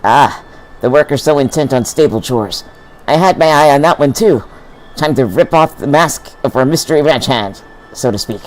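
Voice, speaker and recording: A man's voice: medium pitch, normal speed. A man playing a game with a friend, reading character lines in a light playful voice. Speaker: player voicing game characters. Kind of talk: casual co-op game voice-acting.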